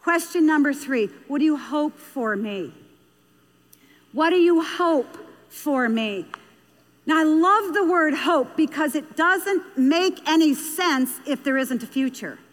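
High-voiced woman telling a story in a hall. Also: expressive, unhurried, hardly any pauses, fairly bright tone. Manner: anecdotal, earnest, emphatic repetition. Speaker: speaker on parenting. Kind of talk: storytelling talk to an audience. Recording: long hall reverb.

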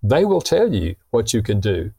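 Animated man teaching with stories. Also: fairly low pitch, normal speed, creaky, slightly rough, no echo. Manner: animated storyteller who acts out quoted dialogue; explains with illustrations, earnest. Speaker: guest author on marriage. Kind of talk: conversational teaching.

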